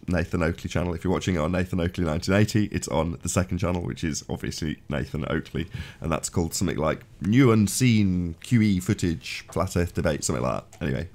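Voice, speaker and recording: A man in casual online chat, animated and stammering as he gets excited. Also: low voice, fast. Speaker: panelist on a live debate stream.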